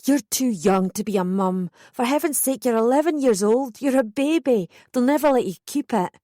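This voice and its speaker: A woman's voice: fairly high pitch, expressive, moderate pace, mellow, no echo, clean studio sound, close to an everyday voice. A woman voicing a furious, volatile middle-aged mother who screams and shrieks. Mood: urgent.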